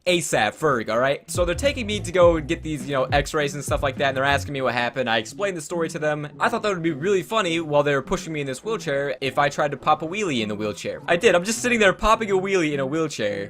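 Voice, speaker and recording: A young man telling a casual, profane storytime tale for his channel. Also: a little high. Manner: profane, fast, excitable storytelling.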